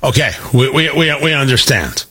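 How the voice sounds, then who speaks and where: A man's voice: mid-range voice, expressive, pushed and bright, slightly rough, faint music behind. A man hosting a political talk radio show, delivering an emphatic, combative monologue. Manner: combative, emphatic, rapid asides.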